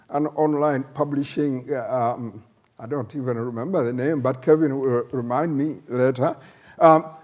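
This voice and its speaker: An older man from Uganda, a professor hosting a plenary session, speaking in a halting way with many fillers and emphatic rhetorical questions. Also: fairly high pitch, darkish tone. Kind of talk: conference plenary talk.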